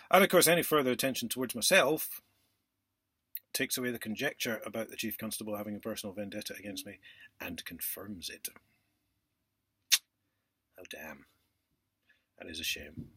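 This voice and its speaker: A man rants to his viewers in a husky, forceful voice that jumps from loud outbursts to sarcastic mutters. His speech sits fairly low and sounds dry and close to the mic. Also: animated, brisk, no echo. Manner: indignant, sarcastic, swings between loud outbursts and muttered asides. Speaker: vlogger. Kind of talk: casual ranting monologue to camera.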